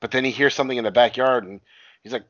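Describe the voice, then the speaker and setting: A man's voice: mid-range voice, steady tone, racing, no room sound, dull audio. A man in casual chat, retelling a movie plot with lots of swearing and acted-out quotes. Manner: profane, rambling storytelling with acted-out quotes. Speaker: podcast co-host recapping a movie.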